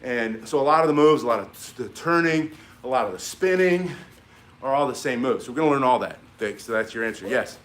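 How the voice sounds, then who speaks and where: A man's voice: medium pitch, expressive, a little fast. A middle-aged man teaching a martial arts class in a casual, encouraging way, rambling with fillers and restarts.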